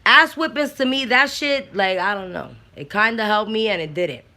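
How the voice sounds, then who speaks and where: A woman from the Bronx, a mother and aunt talking bluntly about parenting, profane and animated. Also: medium pitch, moderate pace. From the Bronx, New York. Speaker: mother and aunt sharing opinions. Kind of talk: casual talk.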